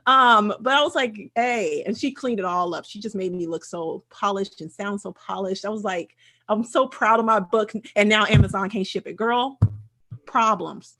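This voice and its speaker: A middle-aged woman hosts a casual chat and tells stories, laughing often. Her voice sits at a middle pitch. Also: a bit bright. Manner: laughing, chatty storyteller. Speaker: host.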